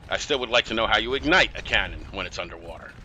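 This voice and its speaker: A man's voice: lowish voice, animated, fast, sharp tone, a little hiss or hum, rough recording. A man giving casual, chatty commentary on a strategy game he is playing, with exasperated, sarcastic asides. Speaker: gameplay commentator.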